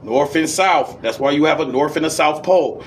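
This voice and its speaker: A man giving a casual esoteric lecture, reading passages aloud and riffing on them in profane street slang, swinging between high and low registers. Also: normal speed, slight background noise. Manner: reads passages, then riffs in profane slang.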